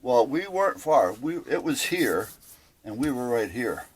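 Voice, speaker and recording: A man's voice: medium pitch, big pitch swings, a little slow, slightly rough. An older man casually telling a long story, rambling with fillers and correcting himself as he goes. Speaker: boat owner telling a story.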